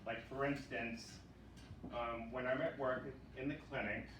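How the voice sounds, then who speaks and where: New York comic in an echoey club. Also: male voice, mid-range voice, steady tone, a little slow. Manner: chatty storytelling, acts out other people's lines. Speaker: stand-up comic. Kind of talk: open-mic stand-up routine. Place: small comedy club. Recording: echoey club heard from a distance, loud room noise.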